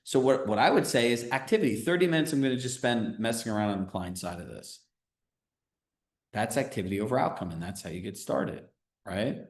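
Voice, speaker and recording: A man coaching a group live on a video call, talking in a casual, energetic way and often checking in with "right?". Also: medium pitch, brisk, echoey room. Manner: energetic, conversational, filler-heavy with frequent "right?". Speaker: real estate business coach.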